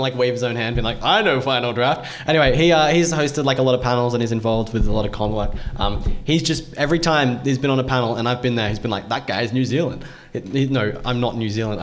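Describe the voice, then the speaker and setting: A man's voice: medium pitch, slight background noise. Rambling young male panel host. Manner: rambling, self-interrupting storyteller who laughs often. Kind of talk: casual convention panel chat.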